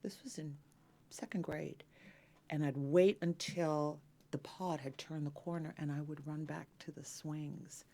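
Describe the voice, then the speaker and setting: Animated mezzo-soprano woman telling stories. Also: deep voice, measured pace. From Los Angeles. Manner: animated, warm storytelling with lively acted quotes. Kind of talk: interview, personal storytelling.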